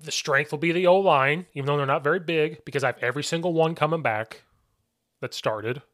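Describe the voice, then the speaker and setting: A man's voice: fairly high pitch, brisk, no echo, studio quality. A man who coaches football, chatting casually on a podcast and telling stories with acted-out quotes. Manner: animated storyteller, acts out shouted quotes.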